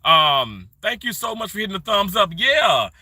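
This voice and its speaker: A middle-aged man chatting casually on a live stream, greeting viewers by name and rambling warmly. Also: high voice, very animated, moderate pace, husky, dry recording. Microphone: phone held vertically.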